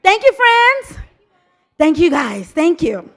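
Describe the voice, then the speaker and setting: A woman's voice: very high-pitched, big pitch swings, slow pace, fairly bright tone. A woman leading an audience in a rhythmic call-and-response drum game, chanting and coaxing.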